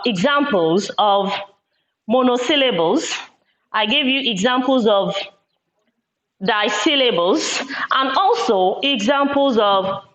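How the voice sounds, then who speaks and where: Slow, deliberate woman teaching a class. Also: on the high side, a bit bright. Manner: slow, deliberate, repeats words syllable by syllable. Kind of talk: classroom lesson. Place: classroom with a board. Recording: echoey room, dull lo-fi sound.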